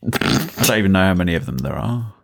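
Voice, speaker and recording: Man, deep gravelly voice, relaxed podcast co-host, laughs a lot. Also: fast. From England. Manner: relaxed, laughs often, trails off. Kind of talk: casual podcast chat.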